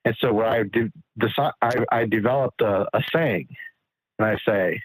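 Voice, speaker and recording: A man's voice: fairly low pitch, moderate pace, breathy edge, no echo, poor audio. A man calling in to a show, chatting casually and sharing his own parenting habits. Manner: agreeable, chimes in with short replies. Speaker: caller. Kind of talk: casual chat.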